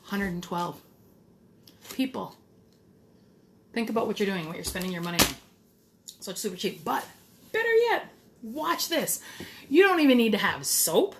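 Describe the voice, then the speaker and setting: A middle-aged woman chats straight to her viewers in a homemade DIY vlog. She is blunt and rambling, with a medium-pitched voice. A faint hiss of noise sits under her speech. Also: sing-song, moderate pace, pauses often. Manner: chatty and blunt, with mild swearing. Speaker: DIY vlogger. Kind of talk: casual direct-to-camera DIY talk.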